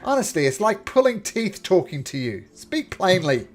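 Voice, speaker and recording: Man playing a gruff interrogator, demanding, lively pitch, faint music behind. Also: moderate pace. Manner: demanding, brusque. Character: gruff threatening male interrogator.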